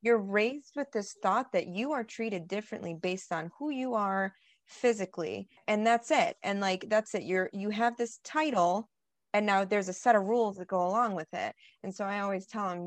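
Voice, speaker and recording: A woman co-hosting a podcast, chatting casually and retelling a story with animated quoted lines. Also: medium pitch, moderate pace, no room sound. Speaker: podcast co-host. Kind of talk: casual chat.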